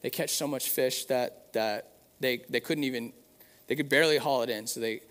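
A man's voice: medium pitch, normal speed, fairly bright tone. Conversational man preaching in a hall. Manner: conversational and earnest, with many fillers like "like" and "right". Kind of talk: sermon. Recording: long hall reverb.

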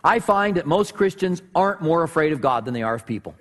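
A man preaching a sermon as pastor, animated and joking as he tells stories. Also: a little high, fast. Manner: animated, humorous storytelling. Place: church sanctuary. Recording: long reverb of a church hall.

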